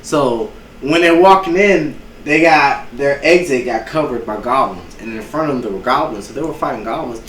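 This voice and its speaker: A young man co-hosting a casual chat, telling stories with animated reenactments and heavy profanity. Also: medium pitch, moderate pace. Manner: animated storyteller, acts out scenes with lots of profanity. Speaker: co-host. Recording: roomy echo with faint hiss.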